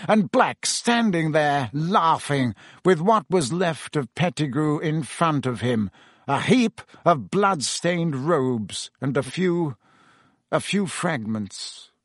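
A man's voice: on the high side, lively intonation, slow, no echo, clean studio sound. Fudge, a man doing a pompous fussy minister. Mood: earnest. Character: pompous middle-aged male minister, bustling and shaken.

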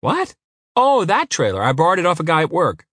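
A male narrator playing a cheerful, clumsy man on crutches, with a high, flustered, chirpy voice. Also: huge pitch swings, a little fast, fairly bright tone, dry recording, clean studio sound, full character voice.

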